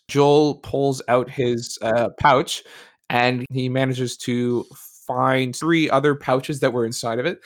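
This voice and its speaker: A man narrating as game master of a tabletop game podcast, relaxed and full of fillers. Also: medium pitch, takes it slowly.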